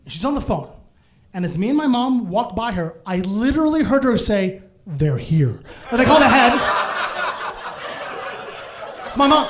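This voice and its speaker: High-voiced, animated male stand-up comic. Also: background noise. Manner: animated, acts out voices, bursts into shouts. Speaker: stand-up comedian. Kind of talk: live stand-up storytelling. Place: comedy stage before a live audience.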